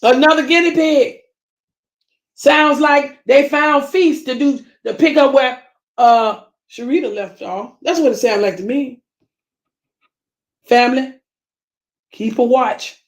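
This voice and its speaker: A woman's voice: sits high, slow, long pauses, reverberant. A woman with a Southern US accent, talking to her viewers in casual commentary, emphatic and preachy, repeating her points and calling them family. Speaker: YouTube channel host.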